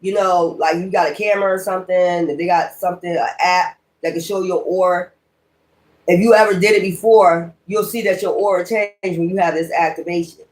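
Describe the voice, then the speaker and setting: A woman's voice: fairly low pitch, fairly even intonation, a little fast, darkish tone. Blunt, profane woman reading tarot. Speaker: tarot reader. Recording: echoey room.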